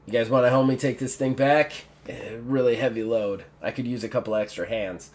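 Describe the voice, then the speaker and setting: A man's voice: medium pitch, steady tone, brisk, darkish tone, natural voice. A chummy, overfamiliar human guard who talks in a loose, friendly, slightly boastful way, as a man plays him at the table. The voice stays close to an everyday man's speech.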